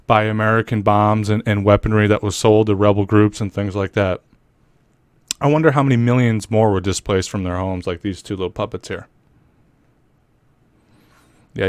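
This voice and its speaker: A man's voice: lowish voice, clear, resonant tone, dry recording. Male commentary host, heated and profane. Dry, close recording. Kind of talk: angry political commentary.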